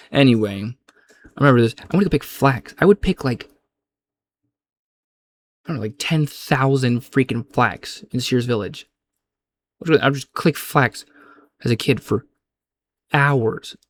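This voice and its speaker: A young adult man in a casual, rambling gaming chat, loose and slangy, often restarting his sentences. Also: medium pitch. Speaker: gaming vlogger.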